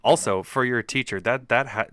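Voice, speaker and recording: A man's voice: medium pitch, normal speed, crowd noise. A man joking dryly in a casual conversation. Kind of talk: casual chat.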